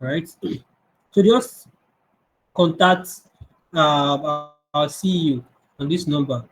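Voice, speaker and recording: A man's voice: on the high side, slow pace, poor audio. A man, teaching kids coding on a video call and answering their questions, his voice a bit strained. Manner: conversational, answers questions, restarts often. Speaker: coding instructor. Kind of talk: online class Q&A.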